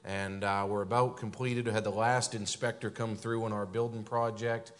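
A man, a visiting pastor from the northern United States, speaking from a church pulpit, filling his talk with "and, uh" and rising louder and higher when he exhorts. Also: little pitch movement, normal speed. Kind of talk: church pulpit greeting and testimony. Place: church sanctuary.

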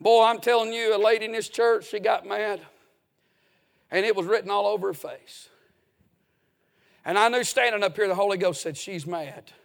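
A man's voice: sits high, moderate pace, vocal fry, pauses often. A man preaching a folksy, emphatic sermon as a pastor in a church.

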